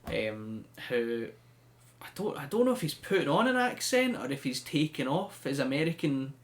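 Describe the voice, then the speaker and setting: A man hosting a podcast, telling things in a chatty, animated way with frequent laughs. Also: mid-range voice, normal speed. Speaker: podcast host. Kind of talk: casual chat.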